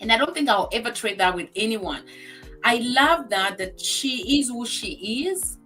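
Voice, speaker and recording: A woman's voice: a little high, animated, unhurried, pushed and bright, soft background music. A woman on a talk show, speaking in an emphatic, heartfelt way as she tells personal stories. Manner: acts out friend's remarks in quoted voices. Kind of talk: casual chat.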